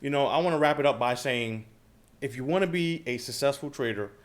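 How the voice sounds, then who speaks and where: A man's voice: mid-range voice, a little fast. A man hosting a trading channel, talking casually to his viewers and often checking in with "okay?" and "right?". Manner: conversational, frequent filler questions like "okay?" and "right?". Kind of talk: casual talk to camera.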